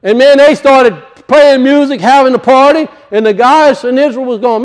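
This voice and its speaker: A male pastor preaching a conversational sermon, acting out little voices and dropping low for asides. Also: normal speed.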